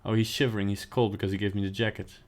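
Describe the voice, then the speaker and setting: A caring dog mutters in puzzlement about a shivering boy, voiced by a man. The voice sits slightly low and stays casual. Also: level tone, rapid-fire, natural voice. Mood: puzzled.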